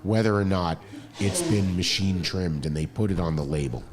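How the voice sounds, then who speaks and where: A male guest in a studio, recounting a trip in casual, relaxed chat. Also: deep voice, normal speed.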